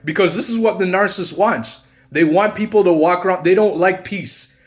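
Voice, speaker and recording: A man's voice: high-pitched, normal speed. A man hosting his own channel, talking casually to viewers about narcissism, rambling with many restarts and repeated phrases. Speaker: channel host, narcissism coach.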